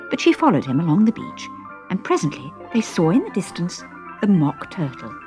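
A woman narrating a storybook in an expressive, lively reading, with faint music behind. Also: lowish voice, normal speed.

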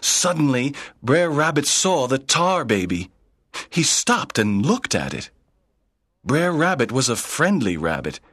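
A man's voice: medium pitch, big pitch swings, a little slow, fairly bright tone, dry recording. A man reading a children's story aloud in plain, simple sentences. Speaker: narrator. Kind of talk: slow read-aloud storytelling.

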